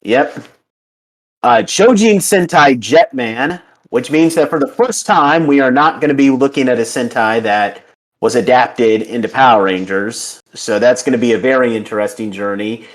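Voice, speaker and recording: A man's voice: mid-range voice, normal speed. A man hosting a casual podcast, wrapping up the episode with many ums and uhs. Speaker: podcast host. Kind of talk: casual podcast chat and wrap-up.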